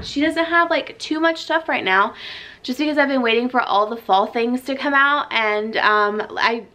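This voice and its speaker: A woman's voice: a little high, fairly bright tone. A young adult woman vlogging in a casual, chatty way, out of breath, laughing often and filling her talk with "like" and "um". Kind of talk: casual vlog chat.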